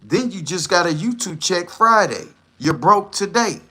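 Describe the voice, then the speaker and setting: A man's voice: high voice, lively intonation, measured pace, pushed and bright, husky. A man hosting a livestream, giving blunt, profane and scornful reaction commentary. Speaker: livestream host.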